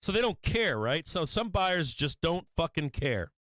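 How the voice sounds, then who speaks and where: A man's voice: fairly high pitch, very animated, unhurried, a bit bright, no echo. Fired-up, swearing man ranting on markets. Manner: profane, fired-up, emphatic. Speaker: stock market live stream host. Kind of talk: heated market commentary rant.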